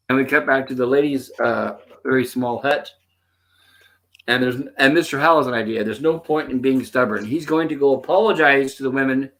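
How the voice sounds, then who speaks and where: A man's voice: medium pitch, a bit bright. Man hosting a casual show. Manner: retells scenes, quoting the characters' lines. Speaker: host. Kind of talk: casual episode commentary.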